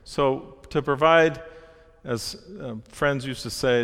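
A man's voice: mid-range voice, slow pace. Man preaching in a reverberant hall. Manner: earnest, steady teaching with small restarts. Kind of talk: sermon.

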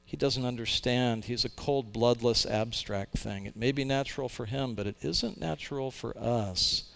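Earnest man preaching with a smooth voice. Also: mid-range voice, normal speed, a bit bright. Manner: earnest, emphatic, with occasional restarts. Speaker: pastor. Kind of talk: sermon.

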